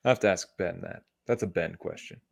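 A young man co-hosting a casual podcast, slangy and making deadpan jokes. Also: deep voice, brisk, gravelly. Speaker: podcast co-host. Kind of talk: casual chat.

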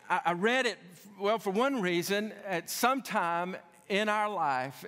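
Slow, emphatic male pastor preaching. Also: a little high, a bit bright. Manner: repeats key phrases for emphasis, conversational asides. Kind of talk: sermon. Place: church sanctuary. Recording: long hall reverb.

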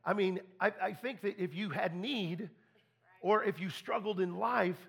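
A man's voice: high voice, unhurried, creaky, fairly bright tone, breathy edge. A man preaching a storytelling sermon, folksy, full of restarts, acting out conversations. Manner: folksy, repeats and restarts, quotes people in dialogue.

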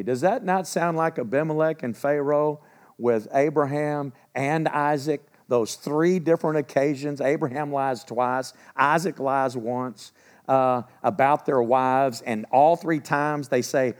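A man teaching from the Bible in a relaxed, conversational way, often clearing his throat and asking the listeners questions. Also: fairly high pitch, measured pace.

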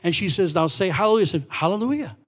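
A man preaching a sermon as pastor, telling a personal story with animated swings from quiet asides to loud exclamations. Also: sits high, very fast.

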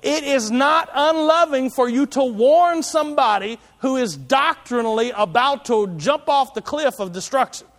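High-voiced preacher in a reverberant hall. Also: male voice, expressive, measured pace, hardly any pauses, a bit bright. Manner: conversational, emphatic preaching with many asides. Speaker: pastor. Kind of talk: sermon. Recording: long reverb of a large hall.

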